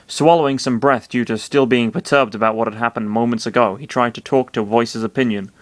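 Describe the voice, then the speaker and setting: A man's voice: medium pitch, fairly even intonation, brisk, dry recording. A young man reading a fan fiction aloud, casual and breaking off to swear and apologize. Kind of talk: comedic dramatic reading.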